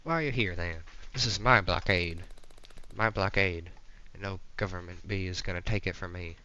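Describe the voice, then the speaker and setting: A man's voice: low-pitched, moderate pace, lo-fi sound, a little hiss or hum. Man doing a rowdy Southern punk. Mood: ranting. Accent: American Southern, put on. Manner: loud, slangy, ranting. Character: rowdy young male anti-government skater punk.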